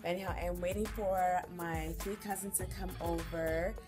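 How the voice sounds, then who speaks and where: A young woman from Canada chatting casually to the camera in a vlog, slangy and excitable, laughing often. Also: lowish voice, moderate pace, music in the background. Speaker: vlogger.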